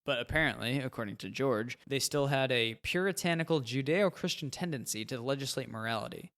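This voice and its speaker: A man's voice: mid-range voice, expressive, a little fast, fairly bright tone. Man narrating a story in first person.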